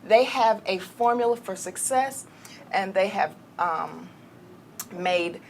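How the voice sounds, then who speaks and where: A woman, a former student, giving an earnest, somewhat halting testimonial. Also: medium pitch, animated, a little hiss or hum.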